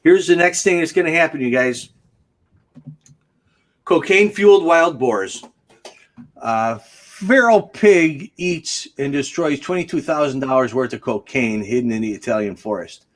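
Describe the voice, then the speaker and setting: A man's voice: fairly high pitch, animated, measured pace. A man hosting a casual livestream chat, joking and chatty and laughing often. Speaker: host.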